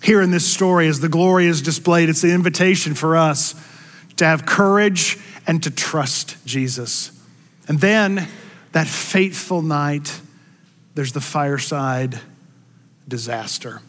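A man preaches from the stage of a large church, his voice ringing out with a long hall reverb. He speaks a little higher than most men. When he quotes the people in his story he gets louder and higher. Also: a little slow. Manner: expressive, rises in pitch and volume for quoted words. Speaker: pastor. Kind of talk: sermon.

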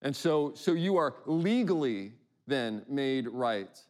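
Casting: man, mid-pitched pastor, chatty sermon style, stretches out scripture slowly. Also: expressive, darkish tone. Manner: conversational, many restarts, dramatic slow readings of verses; rhetorical questions to the congregation.

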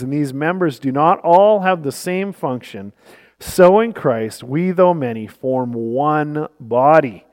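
A male pastor preaching a sermon in a church, earnest and emphatic, telling stories to make his point. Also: fairly high pitch. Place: church sanctuary. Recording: long reverb of a church hall.

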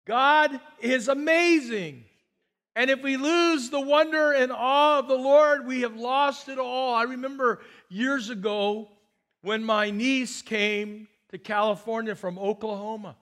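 Brief: male pastor, middle-aged, high-pitched, lively storyteller in a sermon. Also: unhurried. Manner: animated storyteller, acts out quotes with big swings.

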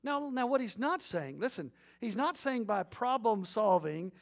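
Middle-aged guy preaching, pretty high voice, acts stuff out, gets loud sometimes, has folks repeat lines back. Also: unhurried, vocal fry. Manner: animated storytelling, acts out scenes, sudden loud bursts; leads congregation in responsive reading. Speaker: pastor. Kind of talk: sermon.

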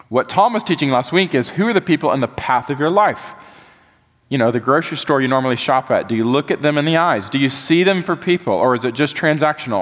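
A man delivers a sermon in a church. His voice carries a long hall reverb around it. He preaches in an animated, folksy way, then sinks to a hush to press his point. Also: mid-range voice. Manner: animated, folksy preaching, drops soft for emphasis. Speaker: pastor. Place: church sanctuary.

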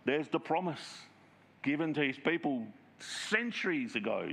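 A man's voice: a little high, big pitch swings, a bit bright. Man preaching a conversational sermon. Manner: conversational preaching with rhetorical checks like "right?"; reads scripture aloud with slow emphasis. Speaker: pastor.

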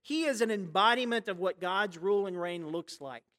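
A pastor delivering a sermon in a chatty, storytelling manner. The voice leans on rhetorical questions and swings from quiet, hushed lines to loud, dramatic ones. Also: medium pitch, lively intonation, moderate pace.

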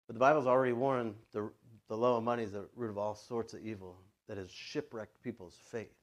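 A male pastor preaching a sermon in a relaxed, conversational way, dropping into quick quoted asides. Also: lowish voice. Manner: conversational, plays God and a child in quoted asides.

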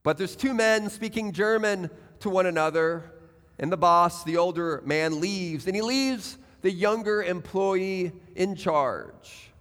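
A male pastor preaching with a high, earnest voice. He puts direct questions to his listeners, and his words ring out through a church sanctuary with a long, lingering reverb. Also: a little slow, fairly bright tone. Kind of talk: sermon.

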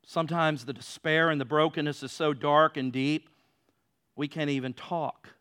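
A man preaching a sermon, moving between loud emphatic passages and quiet, low stretches. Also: moderate pace, smooth. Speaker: pastor.

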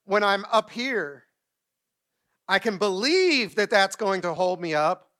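Middle-aged male pastor, somewhat high voice, animated storytelling sermon delivered from the stage. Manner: storytelling, animated, acts out quotes and asks the congregation questions. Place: church stage.

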